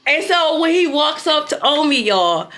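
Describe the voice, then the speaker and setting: A young adult woman telling a story casually to her viewers, animated and slangy, swearing freely and calling them y'all. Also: high voice, moderate pace, a little hiss or hum. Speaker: intuitive tarot reader.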